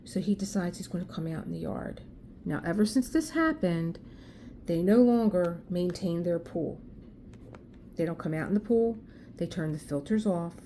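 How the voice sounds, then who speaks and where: A woman's voice: on the low side, expressive, moderate pace, dark tone, a little hiss or hum. Indignant woman with a Philadelphia accent. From South Philadelphia. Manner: indignant, emphatic storytelling with repeated restarts. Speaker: craft vlogger. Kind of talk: casual chat, telling a story.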